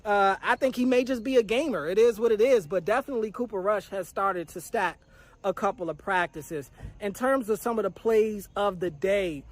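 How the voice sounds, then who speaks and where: Man, fairly high voice, sports reporter, conversational recap, steady listing of plays. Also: normal speed. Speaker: training camp reporter. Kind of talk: spoken practice recap.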